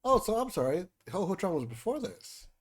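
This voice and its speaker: A man's voice: sits high, sing-song, a little fast, breathy edge. A man streaming a game, chatting casually with his viewers and reading game dialogue aloud. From United States. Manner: chatty, joking with chat, reads game lines aloud.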